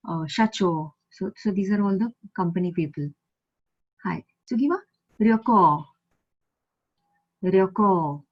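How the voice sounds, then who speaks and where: A woman from India with an Indian English accent, teaching a Japanese lesson over a video call, patiently repeating words slowly for learners. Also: mid-range voice, darkish tone, husky. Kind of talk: online language lesson. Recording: slightly muffled video call audio.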